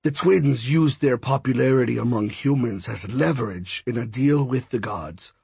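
The same smug, threatening death-god character comes through in a silky, mocking, pompous tone, pitched lower and softer than the man's reading voice. This time the pace is normal and the sound is creaky and husky, with no echo.

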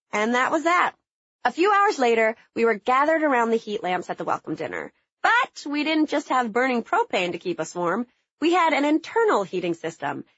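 A woman narrating her own memoir as a comedic audiobook, with an animated, wry, punchy delivery. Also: on the high side, breathy edge, no room sound. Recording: slightly dull, dry lo-fi audio.

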